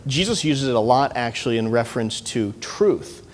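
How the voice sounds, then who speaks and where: A man's voice: medium pitch, lively intonation, normal speed. A man with a Midwestern American accent preaching a sermon as pastor, in an earnest teaching tone with frequent restarts. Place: church sanctuary. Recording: long church hall reverb.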